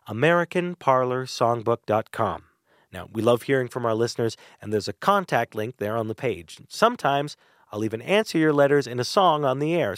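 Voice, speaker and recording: A man hosting a radio show, telling a nostalgic story in a wry, animated way with chuckles and dramatic pauses. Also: medium pitch, long reverb tail. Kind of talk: nostalgic first-person storytelling.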